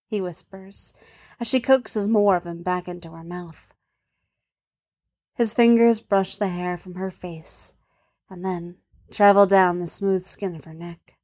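A woman reading an adult story aloud in a soft, intimate way, often dropping to a hush. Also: on the low side, steady tone, measured pace. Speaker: narrator.

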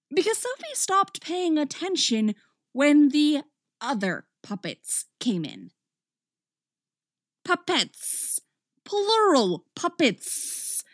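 A woman reading fan fiction aloud as a wry, expressive storyteller. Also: on the high side, no echo, clean studio sound. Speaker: story reader.

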